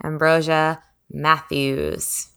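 A woman hosts a podcast in a relaxed, chatty conversation. Her voice sits a little low, and she rambles along, tossing in lots of filler words as she talks into a podcast mic. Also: drawn-out words, clean tone. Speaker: podcast host. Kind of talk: casual chat.

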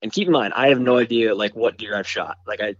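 A man from Michigan, a bowhunter guest on a podcast, tells a story in an excited, rambling way and packs his talk with "like" and "you know". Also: lowish voice, fast talker, dull audio. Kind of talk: casual storytelling in a podcast interview.

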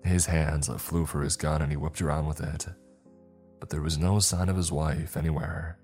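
A man reading a horror story aloud in a slow, measured storytelling voice. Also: a bass voice, flat delivery, darkish tone, faint music behind. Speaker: narrator. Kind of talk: scripted horror narration.

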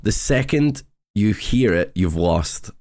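A man's voice: lowish voice, lively intonation, takes it slowly, darkish tone, dry recording, clean studio sound. A man with a Scottish accent, chatting casually as a podcast co-host, sweary and enthusiastic, often repeating words. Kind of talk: casual chat.

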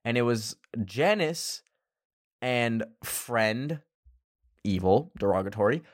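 A young man from Canada casually telling a personal story, animated, laughing often and swearing casually. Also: medium pitch, takes it slowly, no room sound, clean studio sound. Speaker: vlogger.

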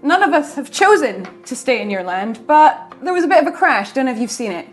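A woman taking part as a player in a tabletop game, talking in a tentative, halting way. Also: high voice, very animated. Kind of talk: casual tabletop play. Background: faint music.

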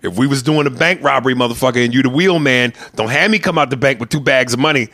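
A man co-hosting a comedy podcast, talking loud, profane and bossy in casual banter. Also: mid-range voice, fast, no room sound, clean studio sound. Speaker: podcast co-host.

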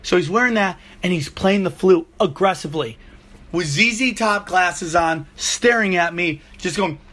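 A man's voice: high voice, normal speed, a little hiss or hum. A man hosting a show, telling crude, rambling comic stories with lots of swearing. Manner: profane, rambling, animated storyteller. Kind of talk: comedic rambling monologue.

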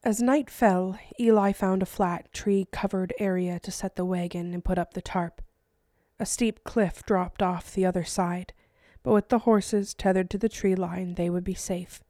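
A woman, an author, narrating her own novel as an audiobook in a steady, measured way. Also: medium pitch, no echo, clean studio sound. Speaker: author and podcast host.

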